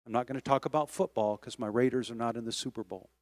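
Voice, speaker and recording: A man preaching a sermon as pastor, moving from quiet storytelling to loud, rising exhortation. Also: mid-range voice, fast talker, no echo. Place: church sanctuary.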